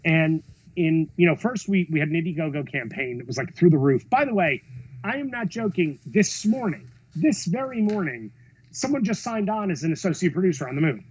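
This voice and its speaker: A man with a slightly husky, fairly high voice tells stories in a podcast interview, swinging his pitch widely as he acts out what others said. He swears freely and sounds expressive. The audio is dull and lo-fi, like a remote call. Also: a little fast, no room sound. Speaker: film director and writer, interview guest. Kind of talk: animated storytelling in a podcast interview.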